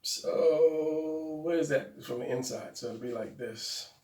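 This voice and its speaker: A man with a gravelly, creaky voice explains drawing step by step, thinking aloud and fixing his own slips as he goes. He sounds a little far from the mic, in a roomy space that echoes. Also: fairly high pitch, takes it slowly, dark tone. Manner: rambling, self-correcting, talks to himself while drawing. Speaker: drawing tutorial host. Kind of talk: casual drawing instruction.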